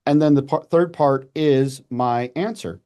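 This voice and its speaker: Podcast guest, man in his 40s, warm mellow tone, chatty and animated, restarts often. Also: medium pitch. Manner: animated, with quick restarts and acted-out asides. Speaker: podcast guest, messaging coach. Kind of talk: casual conversational advice.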